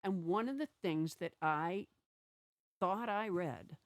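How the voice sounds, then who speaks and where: A woman from Massachusetts, a guest in a casual comedy chat, talking in a deadpan way. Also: on the low side, slow pace, dry recording. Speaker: podcast guest.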